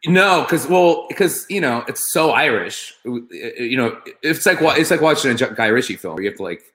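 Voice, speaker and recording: Lively male storyteller for a casual chat, with a widely swinging pitch and lots of fillers. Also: moderate pace, reverberant.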